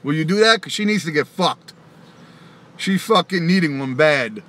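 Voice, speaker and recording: A man's voice: on the high side, animated, normal speed, fairly bright tone. A man who raps, hosting a casual live stream and ranting back at viewers' comments, profane and taunting, laughing often. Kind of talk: casual live-stream rant answering chat.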